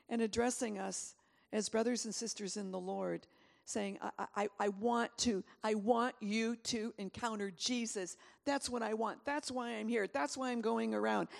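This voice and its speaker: A woman preaching a sermon, telling a story with lively asides and laughter. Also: on the high side, creaky. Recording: long hall reverb.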